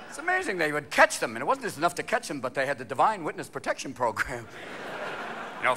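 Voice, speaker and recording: A man doing live stand-up comedy in a big theater, talking in a restless, manic rush. His voice is high and very bright, and it leaps up and down as he goes. Faint crowd sounds and hall ambience sit behind him. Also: big pitch swings, a little hiss or hum. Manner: rapid, manic, jumping between many put-on voices. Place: large theater with live audience. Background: audience laughter.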